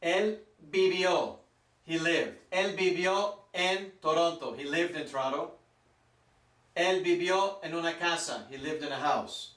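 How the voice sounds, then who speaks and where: A man with a slightly high voice gives a grammar lesson at a slow, deliberate pace, drawing out each word. He sits well back from the microphone, so his voice carries a roomy echo. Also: a bit bright. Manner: slow, deliberate, stretches out Spanish words for pronunciation. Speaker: Spanish teacher. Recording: roomy echo, mic some distance off.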